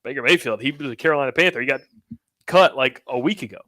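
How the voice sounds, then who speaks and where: A man's voice: medium pitch, fast, pushed and bright, no echo. A man co-hosting a casual sports chat show, recapping games in conversational detail with wry asides. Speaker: co-host.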